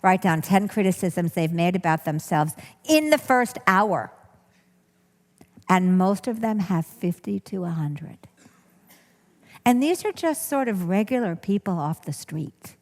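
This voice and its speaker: A woman's voice: on the low side, expressive, a little slow, a little mellow. A woman giving a talk as a workshop teacher. She speaks earnestly and keeps rephrasing and repeating herself for emphasis. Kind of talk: talk to an audience. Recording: long hall reverb.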